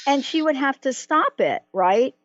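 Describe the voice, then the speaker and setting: Woman talk-show host, lively and rambling, dry muffled radio audio. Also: sits high, measured pace, no room sound. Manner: animated, storytelling, stumbles and restarts. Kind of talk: casual radio interview.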